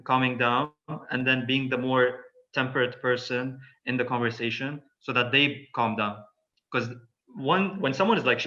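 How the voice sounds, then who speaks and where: A man on a casual podcast, talking in a reflective, halting way full of fillers and restarts. His voice is bright and forceful. The recording sounds a little dull and lo-fi. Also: mid-range voice. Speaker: podcast guest.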